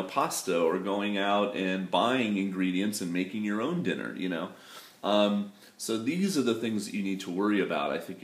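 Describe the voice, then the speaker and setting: A laid-back guy with a lower register, an English teacher living in Japan, chats casually to camera in a meandering vlog. His talk is rambling and loose, full of "you know" fillers and self-deprecating asides, and the space is roomy with echo.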